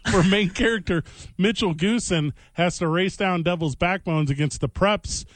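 Comedic talk radio host, male, high voice, animated and jokey, dry close mic. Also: measured pace, no echo. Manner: animated, jokey, breaks into laughter. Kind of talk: comedic banter, mock sports announcing.

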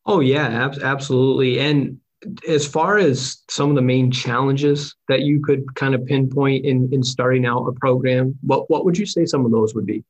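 A man hosting an interview, telling anecdotes in a chatty, animated way. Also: mid-range voice, moderate pace, poor audio. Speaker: podcast host and former sports reporter. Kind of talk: casual interview chat with storytelling.

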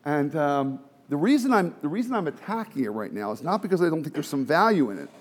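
A middle-aged man preaching a sermon from the pulpit, chatty and self-deprecating, moving between quiet asides and emphatic exhortation. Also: fairly high pitch, very animated, quick pace. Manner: conversational with self-deprecating humor, many restarts and fillers. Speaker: pastor.

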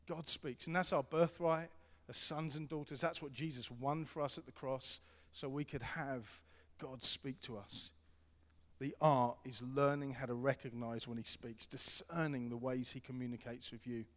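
A middle-aged man preaching a sermon as pastor, earnest and repetitive, swinging between loud appeals and hushed tones. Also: medium pitch, steady tone, normal speed. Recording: long hall reverb.

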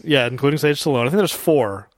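A man co-hosting a casual movie review chat, animated and acting out characters' lines. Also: mid-range voice, quick pace, no room sound. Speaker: podcast co-host.

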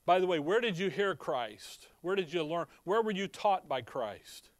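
A man with a touch of a Chicago accent preaches through scripture in a higher-than-usual voice. He talks conversationally, reads verses aloud and keeps asking his listeners questions. The sound is dry and close, with almost no room echo. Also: lively intonation, moderate pace. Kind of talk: Bible teaching sermon.

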